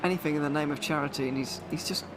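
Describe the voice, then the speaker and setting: A man commentating a live sim race, chatty and quick to laugh. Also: a little high, steady tone. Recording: background noise under commentary.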